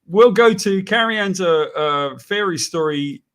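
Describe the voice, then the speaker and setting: A man's voice: high-pitched, unhurried, a bit bright, smooth. A man co-hosting a casual chat show, jokey and playful, often interrupting. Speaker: co-host.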